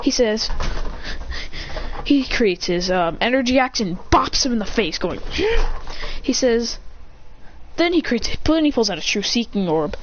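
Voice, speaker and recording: Hurried woman narrating an imagined anime fight. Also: on the high side, lively intonation. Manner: rambling, breathless, with shouted sound effects. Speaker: storyteller. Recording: dull lo-fi sound with faint hiss.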